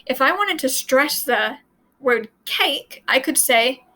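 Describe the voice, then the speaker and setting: Woman Latin teacher, high and bright, casual chatty explainer who sounds words out. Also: expressive, takes it slowly, low-quality recording.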